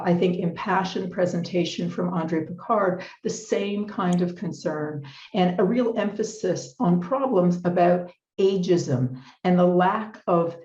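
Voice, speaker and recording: A middle-aged woman giving a formal lecture with slides at a conference, speaking in a measured, deliberate way and stressing key words. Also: on the low side, dark tone. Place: conference hall. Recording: roomy, slightly muffled hall recording.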